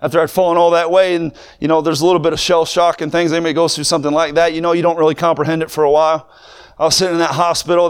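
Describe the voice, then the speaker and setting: A young man preaching a sermon, moving from plain talk to fervent, shouted preaching. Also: a little high, smooth.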